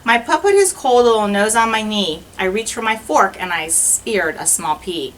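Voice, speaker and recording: A woman teacher reading a rhyming children's picture book aloud in an expressive, sing-song way. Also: mid-range voice, moderate pace, distant mic, a little hiss or hum, poor audio.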